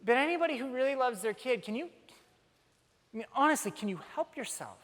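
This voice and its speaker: A man preaching a sermon as pastor, telling stories in an animated way with self-deprecating humor. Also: extremely high pitch, normal speed. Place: church sanctuary. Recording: long church reverb.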